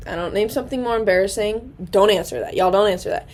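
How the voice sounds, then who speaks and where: A woman's voice: mid-range voice, moderate pace, a little hiss or hum. A nineteen-year-old woman talking casually into her laptop camera in a diary-style vlog, chatty and rambling, with many fillers and self-deprecating asides. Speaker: college student vlogger.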